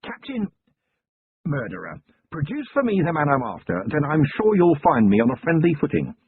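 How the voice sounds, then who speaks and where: A man voicing Commander Vimes, gruff and stern. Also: on the high side, very animated, normal speed, pitched above the performer's own voice, exaggerated voice. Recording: tinny lo-fi recording.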